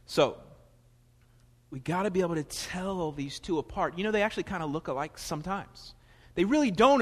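Southern-sounding pastor in a reverberant hall. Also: male voice, high-pitched, fairly bright tone. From Florida. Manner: conversational, digressive with self-corrections. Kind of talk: sermon. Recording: long reverb of a large hall.

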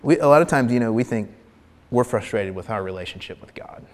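A man preaching a sermon, animated and emphatic, sometimes dropping his voice to a near-whisper for emphasis. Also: medium pitch, brisk, big-room sound.

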